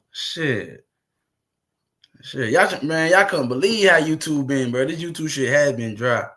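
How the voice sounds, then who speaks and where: A man's voice: a little high, lively intonation, unhurried, fairly bright tone. A man hosting his own livestream, chatting casually, rambling and swearing freely as he talks to viewers. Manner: profane, rambling, laughing between remarks. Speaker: livestream host.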